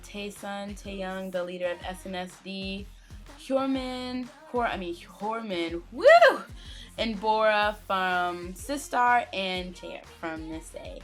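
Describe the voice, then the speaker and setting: A young woman co-hosting a casual fan Q&A, goofy and giggly, breaking into playful outbursts. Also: mid-range voice. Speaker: K-pop reaction channel co-host. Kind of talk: casual Q&A chat.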